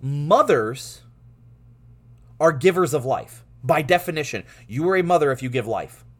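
A man teaching a Bible passage, his voice a little high and swinging widely in pitch. He talks in an animated way, laughing often and restarting or repeating words as he thinks aloud. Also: measured pace.

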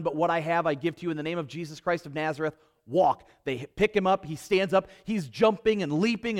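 A male pastor preaching a sermon to his congregation, emphatic and repetitive, with joking asides. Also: high-pitched. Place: church before a congregation.

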